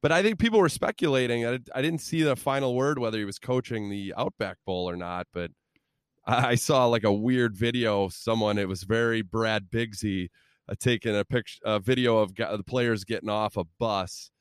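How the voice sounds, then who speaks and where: A man's voice: on the low side, moderate pace, smooth, no room sound, clean studio sound. A man co-hosting a sports podcast, chatting in a joking, crude, rambling way. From Minnesota. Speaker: podcast co-host. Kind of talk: casual sports chat. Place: moving minivan.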